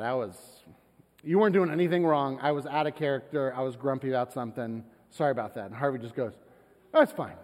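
Animated pastor in a reverberant hall. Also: male voice, fairly high pitch. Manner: conversational, animated storytelling with laughs. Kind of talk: sermon with personal story. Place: church sanctuary. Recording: long church hall reverb.

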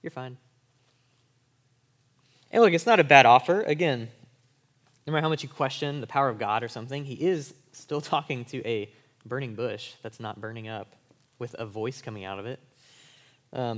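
A man's voice: mid-range voice, lively intonation, brisk, fairly bright tone. A man preaching a sermon as a pastor. He talks to college students in a casual, conversational way and often checks in with "right?". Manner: speaks to college students in everyday language.

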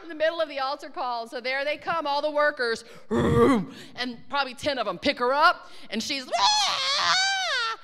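A woman sharing a ministry testimony in an excitable way, swinging from hushed tones to shouts. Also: high-pitched, moderate pace, in a large hall, very noisy. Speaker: ministry speaker. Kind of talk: animated testimony storytelling.

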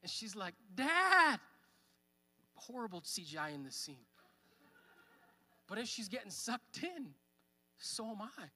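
A man's voice: high voice, expressive, normal speed, long pauses, bright, forceful tone, long reverb tail. A man in his thirties preaching a sermon at church, conversational, with fillers. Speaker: pastor. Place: church hall.

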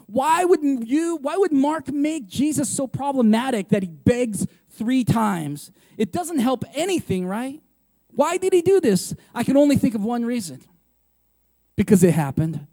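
A man preaching a sermon, repeating words for emphasis and firing off rhetorical questions, going from loud and punchy to hushed. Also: extremely high pitch, animated, measured pace, no room sound. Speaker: pastor.

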